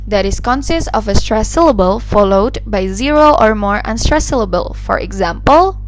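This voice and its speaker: A woman's voice: mid-range voice, animated, normal speed, few pauses, poor audio. A young woman, a native Indonesian speaker, reading a class presentation aloud carefully and drawing out example words. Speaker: student presenter.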